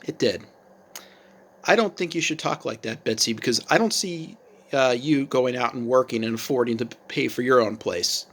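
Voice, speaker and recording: A stern, blunt father warning his teenage daughter in a storytelling video, played by the male narrator. He talks a bit higher and louder than the narrator's own voice. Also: moderate pace.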